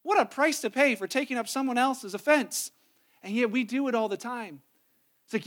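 A man's voice: very high-pitched, moderate pace, fairly bright tone. A pastor preaching a conversational sermon, acting out the people he quotes with different voices.

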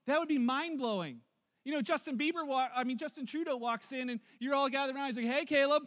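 A man preaching a sermon as pastor, telling stories and acting out what people say in a lively way. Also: very high voice, a little fast. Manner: lively storytelling, acting out quotes.

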